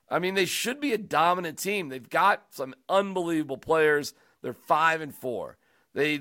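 A man hosting a sports talk show, chatting casually and joking around in an animated, rambling way. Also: fairly high pitch, no room sound, studio quality. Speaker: sports radio host.

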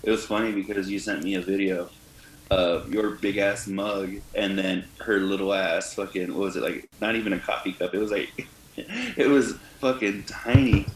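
A man's voice: low-pitched, little pitch movement, moderate pace. A man co-hosting a podcast, chatting in a rambling, profane way with lots of fillers and restarts. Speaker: podcast co-host. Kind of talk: casual chat. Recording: roomy echo with faint noise.

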